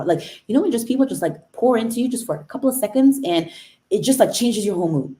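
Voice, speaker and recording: A woman's voice: on the high side, expressive, quick pace, mellow. A woman from Cambridge, England chatting on a motivational live stream and greeting viewers by name as she talks.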